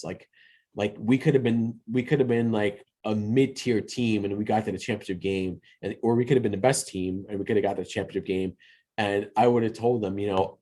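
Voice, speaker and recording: A man hosting a casual podcast review, speaking in a lowish, warm, mellow voice. He rambles through scenes loosely and keeps restarting his sentences. His tone stays earnest and a little sentimental. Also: a little fast. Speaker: podcast host. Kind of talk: casual solo movie review.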